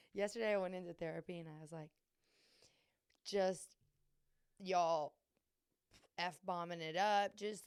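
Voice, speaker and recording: Young woman podcast host, low gravelly voice, dry close sound, rambling and earnest. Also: dry recording. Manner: earnest, rambling, many fillers and restarts. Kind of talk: candid confessional chat.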